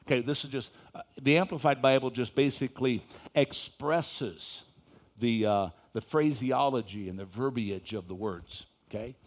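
A man preaching a sermon in church, reading scripture slowly and switching between soft folksy asides and loud emphatic points. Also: mid-range voice. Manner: reads scripture slowly with stress; folksy, talks straight to the congregation. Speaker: pastor.

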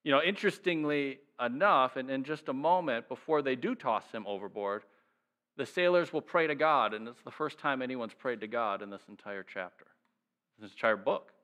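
A man preaching a sermon, reading scripture and acting out its characters with lively shifts in voice, then dropping soft and low to reflect. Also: normal speed. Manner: animated, acts out the voices of the sailors and Jonah. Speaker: pastor. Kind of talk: sermon teaching.

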